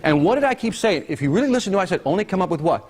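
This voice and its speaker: Lively man leading a business seminar. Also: sits high, racing. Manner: energetic, asks the audience questions. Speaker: seminar presenter. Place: seminar room with audience.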